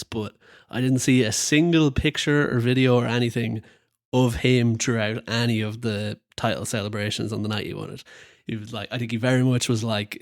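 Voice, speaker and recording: A man's voice: mid-range voice, dry recording, clean studio sound. A man co-hosting a podcast, chatting about football casually, laughing often and swearing in passing. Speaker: podcast co-host.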